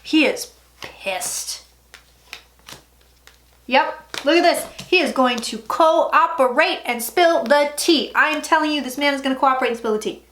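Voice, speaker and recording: Woman psychic, high voice, chatty and theatrical delivery for a tarot reading vlog. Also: a little hiss or hum. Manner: chatty, dramatic, with sudden loud asides and drawn-out phrases.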